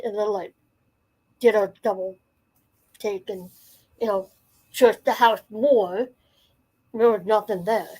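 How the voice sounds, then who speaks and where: A woman's voice: mid-range voice, steady tone, slow pace, long pauses, a little mellow, husky, low-quality recording. A woman in her forties telling a personal story in a casual, rambling way, full of fillers and restarts. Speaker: channel host.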